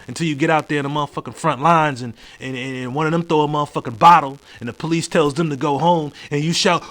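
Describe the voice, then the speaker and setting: A man hosting a solo podcast, ranting bluntly and swearing freely as he fires off one rhetorical question after another. His voice sits a bit higher than most men's, and he drops low and mutters his asides. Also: steady tone, fast, hardly any pauses, fairly bright tone. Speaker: podcast host.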